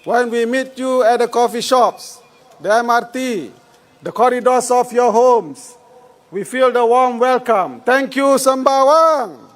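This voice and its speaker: High-voiced Singaporean man rallying a crowd. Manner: rousing, declamatory, slow deliberate phrasing. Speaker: election candidate. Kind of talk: political rally speech. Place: outdoor rally field.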